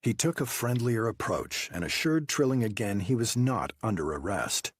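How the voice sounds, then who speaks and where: A man narrates an audiobook in the first person with a measured delivery. His low voice is husky yet lively in pitch, and the recording is very dry. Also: dry recording.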